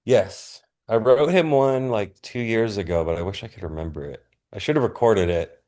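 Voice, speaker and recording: A man chatting casually as a podcast guest, laid-back and quick to laugh. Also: lowish voice, mellow. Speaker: punk musician guest. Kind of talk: casual interview chat.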